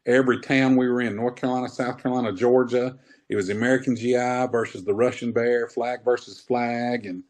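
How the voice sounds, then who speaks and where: A man in his fifties, a wrestler telling old stories in a relaxed, rambling way during an interview. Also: medium pitch, fairly quick. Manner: rambling, laid-back, says man often. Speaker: wrestler guest. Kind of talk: casual interview storytelling.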